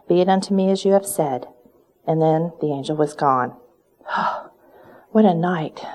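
A woman's voice: lowish voice, warm tone. A woman performing a first-person dramatic monologue, earnest and full of reverent wonder. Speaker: storyteller in character.

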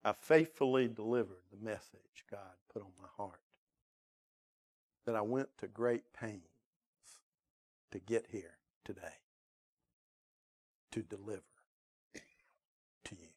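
A man's voice: on the low side, slow, pauses often, a little mellow, slightly rough. A man pastor telling an emotional personal story in a sermon, then pressing his church with urgent questions and a prayer. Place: church sanctuary.

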